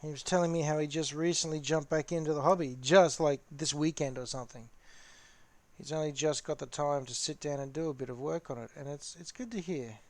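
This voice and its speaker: A man's voice: fairly high pitch, fairly even intonation, a little fast, no echo. A man hosting a casual live-stream chat while painting models, rambling and talking to his viewers. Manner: rambling, chatty, talks to the chat.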